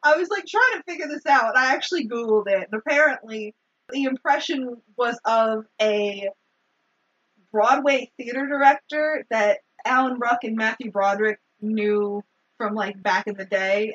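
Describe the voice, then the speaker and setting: A woman's voice: on the high side, moderate pace, a bit bright, lo-fi sound. A woman in casual chat, recapping a movie with a co-host, acting out the characters' lines and laughing often. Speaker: podcast co-host.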